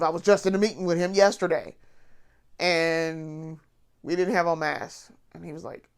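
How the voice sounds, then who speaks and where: A woman's voice: sits low, steady tone, moderate pace. A woman vlogger ranting bluntly while sick and congested, swearing freely and restarting her sentences. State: sick with covid, congested and coughing. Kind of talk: casual vlog rant.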